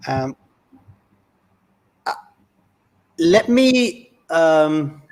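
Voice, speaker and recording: A man speaks as a guest on a talk show in an earnest, reflective way. His voice sits somewhat high for a man, and he often stumbles and restarts his phrases. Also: big pitch swings, very slow. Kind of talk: conversational monologue.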